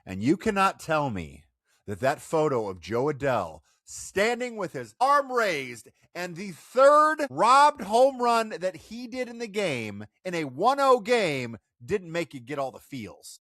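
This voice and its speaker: Lively, teasing male co-host. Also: high-pitched, a little slow, no echo, studio quality. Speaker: podcast co-host. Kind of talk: casual sports chat.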